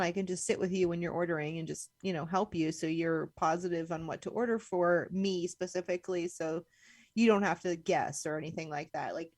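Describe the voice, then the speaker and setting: A woman's voice: fairly low pitch, darkish tone, no room sound, studio quality. Chatty young woman co-hosting a podcast. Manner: chatty, laughs often, many "like" fillers. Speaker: podcast co-host. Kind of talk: casual chat.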